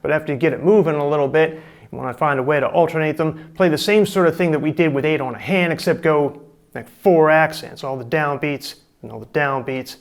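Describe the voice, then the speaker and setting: A man's voice: on the high side, a little fast. A middle-aged man giving a casual, chatty drum lesson, explaining and demonstrating technique. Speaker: drum teacher.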